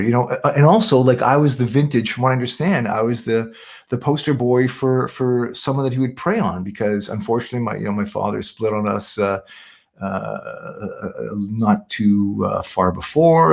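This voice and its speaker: A man's voice: mid-range voice, gravelly, darkish tone. A man from Canada, a voice artist being interviewed, telling a story in a rambling, self-correcting way and often repeating "yeah, yeah".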